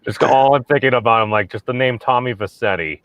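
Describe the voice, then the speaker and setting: A man's voice: medium pitch, a little fast, a bit bright, dry recording. A man chatting casually and teasing wryly on a stream. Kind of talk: casual chat.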